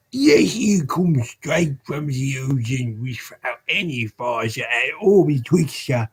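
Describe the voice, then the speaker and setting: A man voicing a gruff, short-tempered male burglar in a rough, drawn-out growl over rap music playing behind. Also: a little high, darkish tone, heavily acted.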